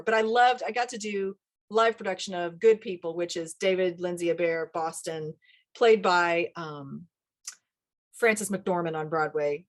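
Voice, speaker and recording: A middle-aged woman, a dialect coach, talking casually in an interview with lively asides. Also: fairly low pitch. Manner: animated, quick asides, laughs often.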